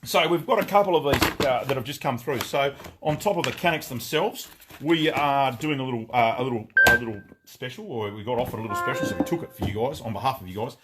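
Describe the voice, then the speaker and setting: A man hosting a live product showcase from a gun shop, excitable and rambling, swearing freely as he talks. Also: medium pitch, quick pace, over loud music. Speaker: gun shop owner and livestream host.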